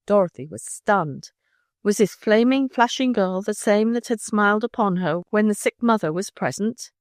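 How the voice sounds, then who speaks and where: A woman narrating a children's novel audiobook in a measured, expressive way. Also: mid-range voice, dry recording. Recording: dry close studio sound.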